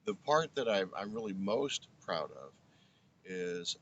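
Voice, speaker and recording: Older man, low earnest voice. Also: very animated, slow pace, fairly bright tone, lo-fi sound, slight background noise. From Brooklyn, New York. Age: 70s. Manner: earnest, reflective, restarts phrases often. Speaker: guest, former radio broadcaster. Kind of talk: interview storytelling.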